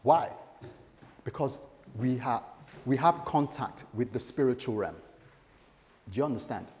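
A man's voice: medium pitch, measured pace. Man preaching in a reverberant hall. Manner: animated storytelling, acts out quoted voices. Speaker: pastor. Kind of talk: sermon. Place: church hall.

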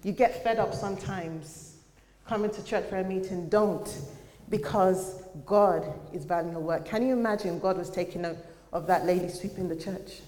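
A young adult woman preaching a sermon in earnest, conversational tones, sometimes pausing on fillers. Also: fairly low pitch, mellow. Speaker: church speaker. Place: church hall. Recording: echoey church hall.

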